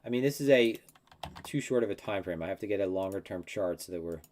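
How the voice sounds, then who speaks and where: A man with a lowish voice rambles easily through his crypto charts on a live analysis stream. He slips into offhand mock quotes and talks it out as he thinks. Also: a little fast, pauses often, a little mellow. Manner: rambling and conversational, with many fillers and mock quotes.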